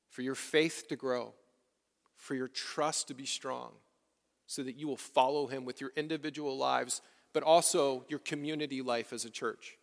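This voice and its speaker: A man's voice: mid-range voice, fairly even intonation, normal speed, creaky. A man preaching a sermon as pastor of his church, repeating lines and asking the congregation questions. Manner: preaching with rhetorical questions and repetition. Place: church sanctuary. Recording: long reverb of a church hall.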